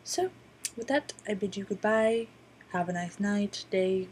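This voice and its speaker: A woman's voice: mid-range voice, a little slow, darkish tone, a little hiss or hum. A woman vlogger telling stories casually to her laptop webcam, rambling with many "um"s and a wry, profane streak. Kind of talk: casual storytelling to camera. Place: indoors at a borrowed laptop.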